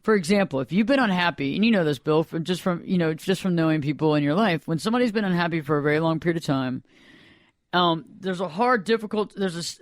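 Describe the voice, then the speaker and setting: A man who is a therapist and podcast host, explaining in a rambling, animated way in casual radio talk. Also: a little high, no room sound, clean studio sound.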